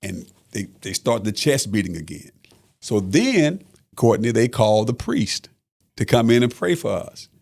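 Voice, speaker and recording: A man's voice: lowish voice, sing-song, measured pace, darkish tone. A middle-aged man recounting a family story on a podcast in an earnest way, repeating phrases and using many fillers. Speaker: father of the guest.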